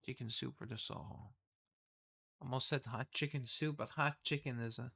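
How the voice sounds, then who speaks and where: A man's voice: medium pitch, steady tone, moderate pace, vocal fry, pauses often, pushed and bright. A man casually reading a game's story aloud and rambling through asides and self-corrections. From the West. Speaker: game streamer reading the story.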